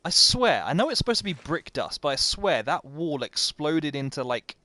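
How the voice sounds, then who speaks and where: A man's voice: a little high, sing-song, normal speed, hardly any pauses, sharp tone, slight background noise. A man commentating live as he plays a video game, chatty and self-mocking, often talking to the game itself. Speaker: game streamer.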